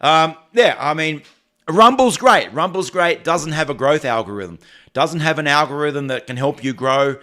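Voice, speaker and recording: An Australian man hosting a casual livestream, chatting and answering viewer comments in a halting way, often restarting and repeating phrases. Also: fairly high pitch, bright, forceful tone. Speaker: livestream host.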